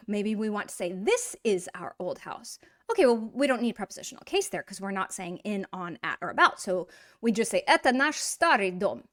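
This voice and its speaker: A woman teaching a grammar lesson in a chatty, encouraging way, asking rhetorical questions and slowly drawing out example words. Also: mid-range voice, sing-song, a bit bright. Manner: drawn-out model pronunciation of example words. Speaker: Russian language teacher.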